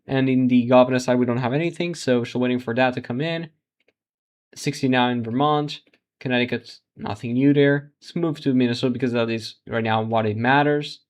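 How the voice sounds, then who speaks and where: Male livestream host, casual live results commentary, halting and chuckling. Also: mid-range voice, darkish tone. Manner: thinks aloud, restarts sentences, laughs at surprises.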